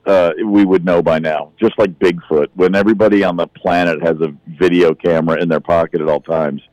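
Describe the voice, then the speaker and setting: A man with a very deep, mellow voice talking as a podcast guest, blunt and skeptical, often stumbling and restarting. The sound is dull and lo-fi, with a dry, close feel. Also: fairly even intonation, brisk, no room sound. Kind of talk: casual interview chat.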